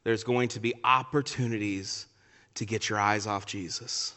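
A man preaching a sermon as a pastor, swinging from loud, emphatic lines to quiet, near-whispered ones. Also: lowish voice, normal speed. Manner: lively preaching with dramatic swings from loud to soft. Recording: long hall reverb.

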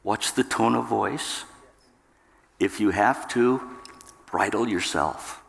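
Low-voiced male pastor, unhurried and emphatic sermon delivery, reverberant church hall. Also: creaky, a bit bright. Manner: emphatic, jumps up in pitch for acted outbursts. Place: church sanctuary.

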